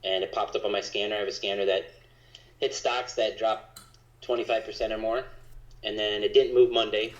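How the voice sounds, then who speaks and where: A man talking casually in a monotone on a stock trading livestream. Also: fairly low pitch, fairly quick. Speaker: co-host trader. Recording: echoey, dull lo-fi sound.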